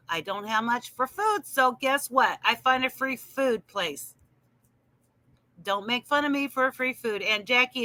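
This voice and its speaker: Bright high-voiced woman livestreaming. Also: no room sound. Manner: emphatic, responds to chat by name. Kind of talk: casual livestream chat.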